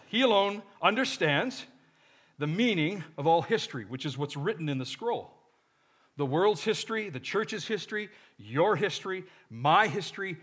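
A man's voice: a little high, a bit bright. A man preaching a sermon, reading scripture with joking asides and leading the congregation in call-and-response. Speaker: pastor.

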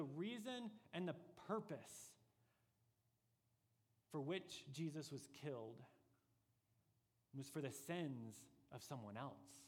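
A man preaching a sermon as pastor, earnest and deliberate, pressing his points with rising emphasis. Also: a little high, lively intonation, breathy edge, in a large hall.

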